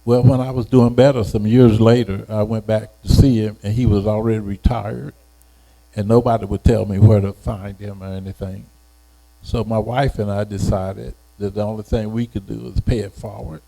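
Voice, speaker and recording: A man in his eighties, a retired educator, telling a personal story in an unhurried, halting way, often repeating words. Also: lowish voice, level tone, vocal fry, warm tone, poor audio. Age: 80s. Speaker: retired educator being interviewed.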